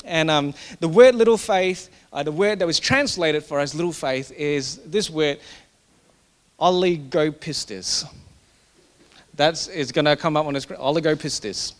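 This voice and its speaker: A man's voice: on the high side, measured pace. A man preaching a sermon in a conversational, joking way, often restarting his sentences. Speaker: pastor.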